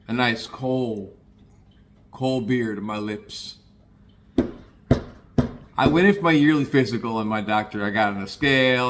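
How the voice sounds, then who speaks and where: A man's voice: lowish voice, fairly bright tone. An older man from the Cincinnati area of the US, talking casually and plainly in a rambling podcast monologue, with frequent restarts and the odd curse.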